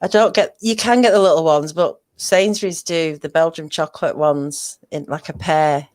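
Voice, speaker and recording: A woman's voice: low voice, steady tone, normal speed, darkish tone, no room sound. A woman hosting a casual chat show, talking in a rambling, chatty way. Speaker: podcast host.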